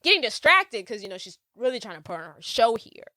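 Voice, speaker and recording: Lively, chatty American woman podcaster. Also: on the high side, fast, no room sound. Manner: chatty, laughing, acts out characters' lines. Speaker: podcast co-host. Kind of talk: casual movie recap chat.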